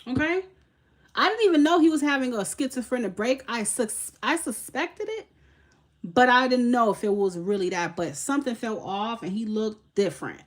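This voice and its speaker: A young woman of Haitian background hosting a tarot live stream, telling a story in a casual, animated way with lots of swearing and laughter. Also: a little high, normal speed.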